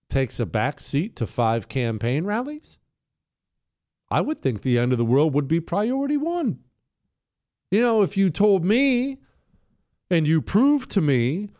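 A man's voice: on the high side, a little mellow, dry recording, studio quality. A man hosting his own talk show, talking in a sarcastic, combative, mocking way. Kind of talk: opinionated radio talk.

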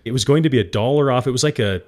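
Male interview guest, middle pitch, emotional storyteller, teary but laughing. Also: very fast. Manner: emotional, laughs often, calls the host "guy". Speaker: guest entrepreneur.

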